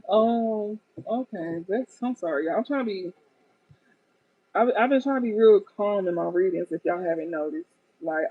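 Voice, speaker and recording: This tarot reader has a mid-range, slightly rough voice on a dry, tinny, phone-like recording. Reading casually for her viewers, she's blunt and profane and keeps cracking up at what the cards show.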